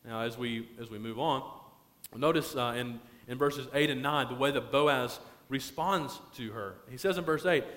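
A man preaching a sermon as pastor, stretching key phrases out slowly for emphasis. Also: mid-range voice, a bit bright, in a large hall.

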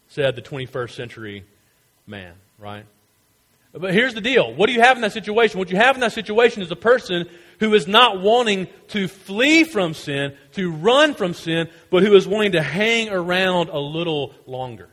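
A man's voice: high-pitched, lively intonation, normal speed, fairly bright tone, long reverb tail. A male pastor preaching a sermon, emphatic and urgent, driving home repeated refrains.

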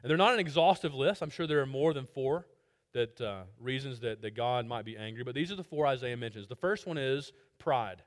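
A man preaching an expository sermon, swinging between loud emphatic lines and quiet low asides. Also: expressive, a little fast. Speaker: pastor.

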